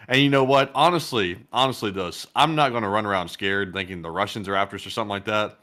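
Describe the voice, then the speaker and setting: A man's voice: mid-range voice, fairly even intonation, fast, hardly any pauses, fairly bright tone. A man co-hosting a live stream, reading out donations and joking, acting out little quotes. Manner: jokey, reads donations, acts out quotes. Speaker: co-host of war news stream. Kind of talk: casual live-stream chat.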